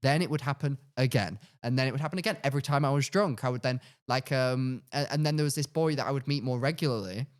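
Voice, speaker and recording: A young man, a podcast co-host telling a personal story in a casual, animated way, acting out his own past lines. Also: quick pace, hardly any pauses. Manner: animated, acts out his past self with sudden high-pitched outbursts.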